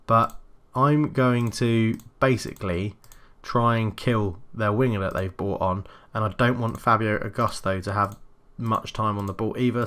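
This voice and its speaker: A man doing let's play commentary on a football management game, calling the action play by play and getting loud and excited at goals. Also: medium pitch. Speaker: gaming YouTuber.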